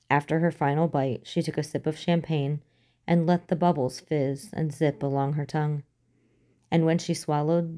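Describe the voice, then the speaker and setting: A woman reads a story aloud like an audiobook, with a steady, even delivery. Her voice is low and dark, with a mellow, relaxed warmth. She keeps a calm storytelling pace through the narration. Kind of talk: audiobook reading of fan fiction.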